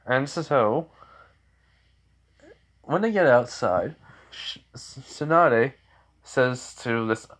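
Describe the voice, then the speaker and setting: Slow, rambling male storyteller. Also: mid-range voice, lively intonation, a bit bright. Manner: rambling, with many fillers and self-corrections. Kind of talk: casual improvised story narration.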